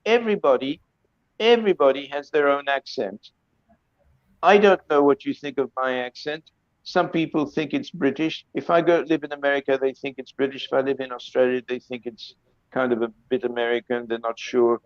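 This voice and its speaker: A man's voice: medium pitch, normal speed, dry recording. A man speaking emphatically on an academic video-call panel, often repeating words as he reworks a thought. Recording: dry, slightly dull lo-fi audio.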